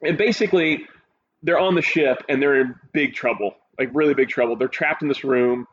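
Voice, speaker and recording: A man's voice: medium pitch, fairly quick. A man in casual chat, eagerly recounting a show he loved. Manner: excited, animated recounting of a show. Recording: dull audio with faint hiss.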